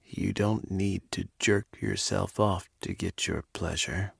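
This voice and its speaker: A man voicing a dominant but tender male lover in an audiobook, speaking in a low, breathy near-whisper that moves from commanding growls to gentle murmurs. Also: slow, dry recording, clean studio sound, exaggerated voice. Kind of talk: audiobook dialogue.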